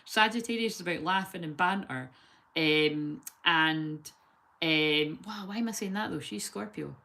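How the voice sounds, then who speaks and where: A woman giving a casual, rambling tarot reading full of lively chatty asides. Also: lowish voice, a little slow, vocal fry. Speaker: tarot reader.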